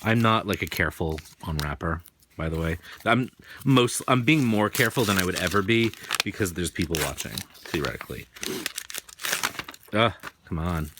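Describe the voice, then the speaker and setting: Rambling low-voiced man, faint New England. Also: lively intonation, moderate pace, background noise. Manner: rambling, chatty, self-deprecating. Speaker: tarot reader and host. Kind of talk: casual unboxing chat.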